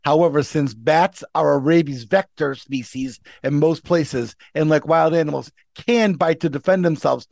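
A man co-hosts a casual talk show and tells stories in a wry way. His voice sits fairly high and has a gravelly grain, and the sound is dry and close. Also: normal speed, few pauses, a little mellow, no room sound. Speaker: podcast co-host. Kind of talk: casual chat.

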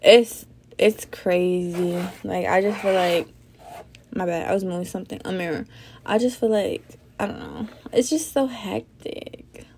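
Sleepy young woman with vocal fry. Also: medium pitch, unhurried, a little mellow, slight background noise. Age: young adult. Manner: rambling, swearing, fillers. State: sleepy, yawning. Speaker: podcast host. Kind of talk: casual solo podcast chat.

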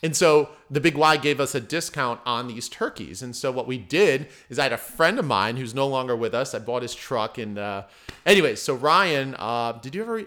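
A man, a mindset coach, telling stories in a casual, animated way as a podcast guest. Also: mid-range voice, normal speed. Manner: animated, acts out voices in anecdotes. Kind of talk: casual storytelling.

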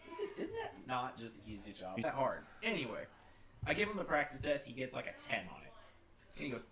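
A man's voice: medium pitch, huge pitch swings, fairly quick, fairly bright tone. A young man co-hosting a casual podcast, telling a long story with many restarts and frequent laughter. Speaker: podcast co-host. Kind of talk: casual chat.

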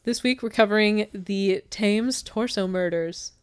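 A woman's voice: medium pitch, unhurried, clean tone. An American woman hosting a casual true crime podcast, chatting with many fillers and laughing often. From United States. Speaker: podcast host.

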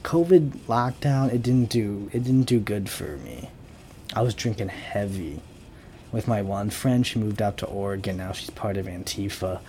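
Low-voiced young man, rambling comic monologue. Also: moderate pace, slight background noise. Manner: rambling, sarcastic, deadpan. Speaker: podcast host. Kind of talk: casual comedic monologue.

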